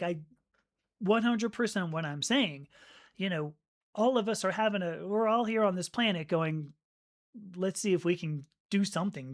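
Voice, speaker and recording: A woman hosting a live stream, chatting casually and reflectively as she reads and answers viewer comments, with restarts and small laughs. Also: fairly low pitch. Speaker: livestream host reading viewer comments.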